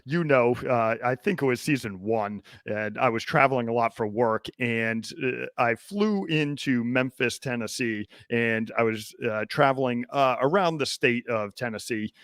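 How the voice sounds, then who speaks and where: A man's voice: medium pitch, normal speed, hardly any pauses, fairly bright tone, no echo, clean studio sound. A man hosting a podcast, talking casually and rambling with lots of fillers and restarts. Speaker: podcast host.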